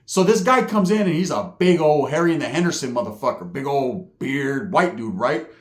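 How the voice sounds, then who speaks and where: A man's voice: mid-range voice, expressive, normal speed, reverberant. A man from California telling a prison story in casual street slang, full of profanity and "right?" asides. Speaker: storyteller recounting prison life.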